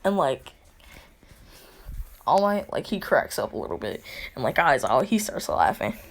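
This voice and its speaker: Woman storyteller, rambling, slow, gravelly, husky. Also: deep voice, very animated. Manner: rambling, full of "like". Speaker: fan storyteller. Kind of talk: casual storytelling.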